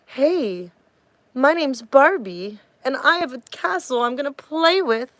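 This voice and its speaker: A woman's voice: sits high, expressive, unhurried, fairly bright tone, no room sound, pitched above the performer's own voice. A woman putting on the voice of a bubbly, sugary young doll-like woman in a sing-song, falsely cheerful tone.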